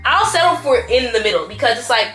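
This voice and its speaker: A young woman chats to her camera in a playful, theatrical way, quick to laugh. Her voice sits a little high. Music plays clearly behind her. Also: sing-song, sharp tone. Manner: playful, dramatic, bursts into laughter. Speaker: vlogger. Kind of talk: casual vlog chat.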